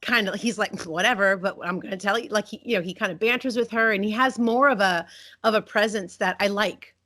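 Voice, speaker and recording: A woman's voice: mid-range voice, a little fast, bright, forceful tone. A woman co-hosting a fan podcast, chatting enthusiastically about a TV episode and laughing often. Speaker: podcast co-host. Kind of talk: casual fan discussion.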